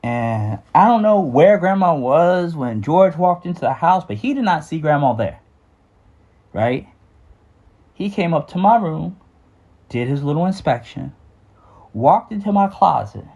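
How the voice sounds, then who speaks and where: A middle-aged man telling a personal story off the cuff, halting and earnest, with sighs and restarts. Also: a little high, very animated, a little mellow, lo-fi sound. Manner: halting, with frequent fillers and restarts; earnest and sighing. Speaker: memoir storyteller.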